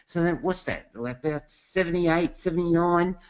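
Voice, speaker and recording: A man's voice: a little high, moderate pace, rough recording. A man presenting a business webinar, telling stories in a chatty way and speaking straight to his audience. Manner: chatty storytelling, addresses the audience directly.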